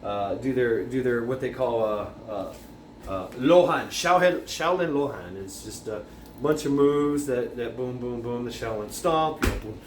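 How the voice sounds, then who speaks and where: A vlogger with a mid-range voice tells a film scene in a loose, rambling way, talking a little slowly, restarting often and adding sound effects. The casual storytelling was recorded in a roomy, echoing space with faint noise in the background.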